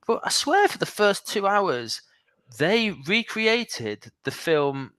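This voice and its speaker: A man's voice: high voice, big pitch swings, slow pace, fairly bright tone, clear, resonant tone, dry recording. A male comedian, a guest on the show, telling anecdotes in casual chat and acting out the lines he quotes. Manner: laughs easily, acts out quoted lines.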